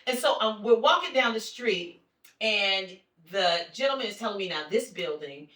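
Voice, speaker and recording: Woman guest from Mississippi, bright lively storyteller, bit off-mic in an echoey room. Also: fairly high pitch, moderate pace, recorded from a distance. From Mississippi, USA. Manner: animated storyteller, acts out quoted people. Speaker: singer and guest. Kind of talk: casual chat.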